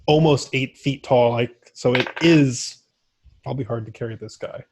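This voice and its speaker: A man narrates as game master for a tabletop game on a livestream. He talks casually and rambles, laughing often, and his voice sits at a middle pitch. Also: normal speed, noisy background.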